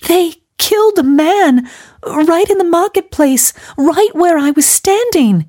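Woman reader plays tearful young woman, high strained wail, stammers. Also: animated, takes it slowly, dark tone, exaggerated voice. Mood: distraught. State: crying. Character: young English woman missionary, shocked and sobbing.

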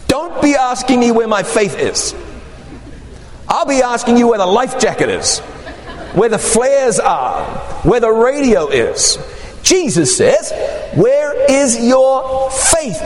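A man preaching a sermon, telling stories with lively acted-out quotes. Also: sits high, slight background noise. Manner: animated storytelling with acted quotes. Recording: echoey hall with long reverb.

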